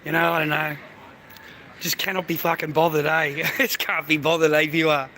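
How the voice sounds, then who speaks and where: Holding his phone while he talks, a middle-aged Australian live streamer speaks straight to the viewer in a rambling, profane, loose manner. The voice is on the high side, level, pushed and bright, at a moderate pace, with slight background noise.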